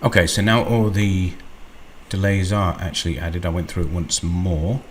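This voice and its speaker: Low-voiced man walking through software. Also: flat delivery, a little hiss or hum. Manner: unhurried, thinking aloud with ums. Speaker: tutorial host. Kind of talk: screen-recorded software walkthrough.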